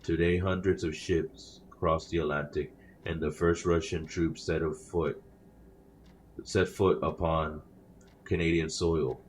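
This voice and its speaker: Very deep-voiced man reading aloud. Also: level tone, unhurried, a little hiss or hum. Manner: stumbles over words and corrects himself mid-sentence; self-conscious about reading aloud. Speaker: gamer playing a game on his channel. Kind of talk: reading in-game newspapers aloud with casual commentary.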